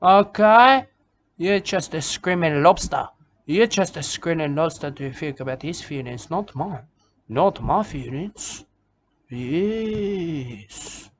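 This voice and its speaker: Comic bushman poet, self-important and repetitive, raised pitch, put on by a man. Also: expressive, slow pace. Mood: rambling. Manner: rambling, repetitive, ends lines with "okay?" and "mate". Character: rambling self-important male Australian bush poet. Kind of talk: comic character monologue.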